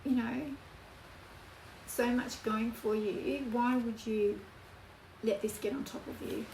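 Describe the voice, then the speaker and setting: A woman's voice: a little high, fairly even intonation, gravelly, darkish tone. Earnest woman reading tarot, echoey room. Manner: emotional, earnest, slow emphatic phrasing. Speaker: tarot reader. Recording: echoey room, voice from off-mic, background noise.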